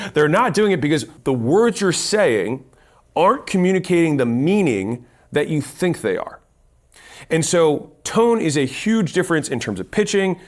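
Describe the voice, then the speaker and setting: Quick, emphatic man with a fairly high voice, teaching sales to camera. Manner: fast-talking, punchy and emphatic. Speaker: sales educator. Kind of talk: direct-to-camera teaching talk.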